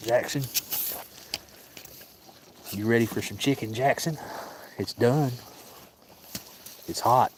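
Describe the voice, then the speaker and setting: A man hosting a cat sanctuary livestream outdoors, chatting in a folksy, easygoing way and talking softly to his cats. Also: mid-range voice, slow, long pauses, slight background noise. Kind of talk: casual livestream chat. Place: outdoors by a cooking fire.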